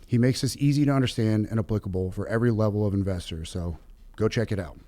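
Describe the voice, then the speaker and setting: Man, podcast host, lower voice, chatty, laughs a lot, dry close sound. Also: quick pace, dry recording. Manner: energetic, laughs often, chatty. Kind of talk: podcast interview.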